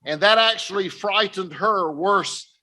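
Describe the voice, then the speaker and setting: A man's voice: high voice, measured pace, bright, forceful tone. An older man giving an earnest personal testimony talk to a conference audience, speaking directly to his listeners. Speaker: missionary speaker. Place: conference stage.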